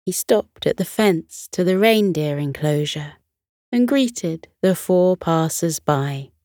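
A woman narrating a children's bedtime story in a slow, soothing reading manner. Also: lowish voice, animated, dark tone, dry recording, clean studio sound.

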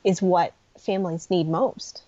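Gentle earnest woman, warm low voice. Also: steady tone, measured pace, no room sound, highs cut off. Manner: earnest, gentle, reflective, frequent ums. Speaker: guest grief support expert. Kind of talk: podcast interview conversation.

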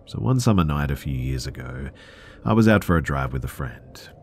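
A man calmly narrating true scary stories in a low-key, subdued way. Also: normal speed, slight background noise. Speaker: storyteller.

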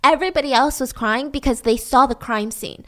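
A woman's voice: high voice, a little fast, fairly bright tone. A woman recounting a true-crime story in a casual, chatty way, full of "like" fillers.

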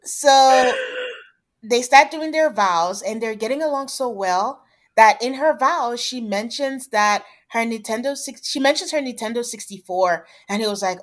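A woman's voice: fairly high pitch, normal speed. A woman co-hosting a podcast, chatting casually and retelling a reality show with quoted asides. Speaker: podcast co-host.

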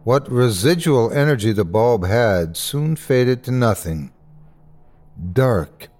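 A man hosting and narrating a horror story with a dramatic, expressive delivery. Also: medium pitch, slow. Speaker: host and narrator.

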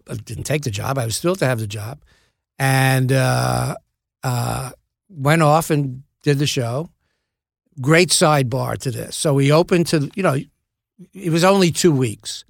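An older man speaks with a gravelly, creaky edge into a dead, dry studio microphone. He spins stories from his acting life in a self-deprecating way, acting out the other people's lines as he goes. His pitch sits in an ordinary middle range. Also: unhurried, no echo. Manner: self-deprecating, acts out quoted dialogue. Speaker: actor guest. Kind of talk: anecdotal storytelling in a podcast interview. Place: podcast studio.

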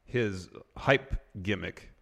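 A man's voice: fairly low pitch, slow, creaky, fairly bright tone. A man co-hosting a casual wrestling recap, steadily running through the show's segments. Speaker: co-host.

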